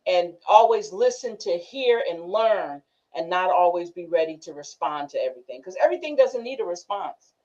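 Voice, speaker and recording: A woman's voice: fairly low pitch, animated, moderate pace, darkish tone. A woman hosting a casual group discussion, telling stories animatedly and laughing often. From northern United States. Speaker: class host. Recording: muffled lo-fi recording.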